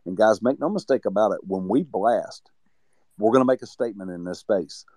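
A man's voice: lowish voice, a little fast, mellow, dry recording. Earnest man giving a rallying speech. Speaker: community member. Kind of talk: motivational speech.

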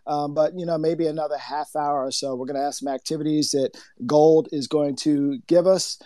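A man hosting an online audio chat who talks in a halting way, with many fillers, as he lays out rules. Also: fairly high pitch, steady tone, dark tone, dry recording, studio quality. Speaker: host of an online audio space. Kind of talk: casual announcement.

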